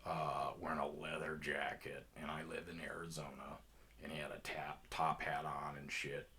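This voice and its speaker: A man's voice: rumbling low, little pitch movement, moderate pace, sharp tone, a little hiss or hum. A man telling casual storytime anecdotes in a rambling, profane, laid-back way.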